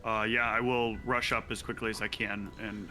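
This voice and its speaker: Bright-voiced man playing a character. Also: on the low side, little pitch movement, low-quality recording. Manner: brisk, commanding in character. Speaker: player. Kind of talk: playing a character in a tabletop game.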